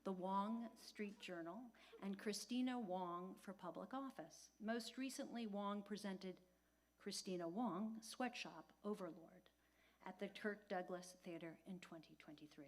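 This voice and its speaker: A woman introducing the evening's host, reading a formal bio in a measured way. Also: medium pitch. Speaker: event introducer. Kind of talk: read introduction.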